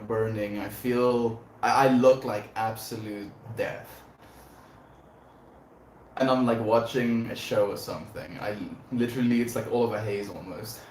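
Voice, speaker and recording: A man hosting a casual livestream chat, talking in a rambling, reflective way and laughing often. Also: mid-range voice. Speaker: livestream host. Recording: echoey room, faint background noise.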